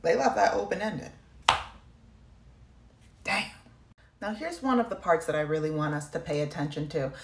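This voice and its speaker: Give me an animated woman in her thirties with a slightly low voice, recorded in an echoey room. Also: normal speed, creaky, pauses often. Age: 30s. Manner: impassioned, animated, sarcastic. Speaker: video creator. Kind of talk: political commentary vlog.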